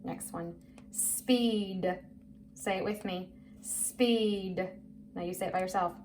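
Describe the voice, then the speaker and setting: A woman's voice: mid-range voice, fairly even intonation, slow, a little mellow. A woman teaching a phonics lesson to young children, patient and encouraging, drawing out each word for them to repeat. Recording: faint background noise.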